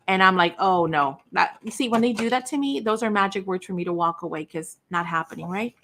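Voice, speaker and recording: Woman, middle-aged, craft livestream host, casual chat, storyteller who acts out dialogue, folksy self-deprecating fillers, mid pitch. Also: animated, fairly quick, few pauses, fairly bright tone. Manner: chatty storyteller acting out quoted dialogue.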